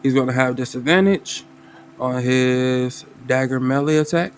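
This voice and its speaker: A man's voice: medium pitch, a little slow, smooth. Slangy laid-back man narrating a solo game. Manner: loose, slangy, thinking aloud with laughs. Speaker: game master playing solo. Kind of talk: casual tabletop game narration.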